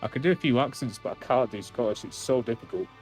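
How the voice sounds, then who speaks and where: A man's voice: medium pitch, fast talker, a little mellow, soft background music. A man streaming a video game, chatting casually in a rambling, self-mocking way. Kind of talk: casual live-stream chat.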